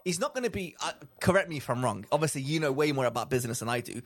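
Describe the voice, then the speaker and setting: Guy, lively up-and-down voice, excitable rambling podcast chat. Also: medium pitch, rapid-fire. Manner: excitable, rambling, laughs often, trails off mid-thought. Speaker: podcast co-host. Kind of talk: casual chat.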